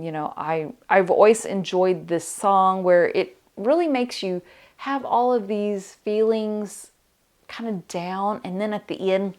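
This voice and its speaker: A middle-aged woman hosting a vinyl record channel, talking casually to camera in a reflective, heartfelt way, often pausing with "uh" and "um.". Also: lowish voice, a little mellow.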